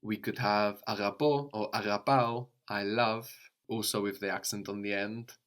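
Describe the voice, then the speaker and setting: A man with a lowish voice leads a language lesson. He explains at an unhurried pace and prompts the student, then echoes each reply back to confirm it. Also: steady tone, fairly bright tone. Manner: patient, prompts the student and repeats answers. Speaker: language teacher. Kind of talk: guided audio lesson.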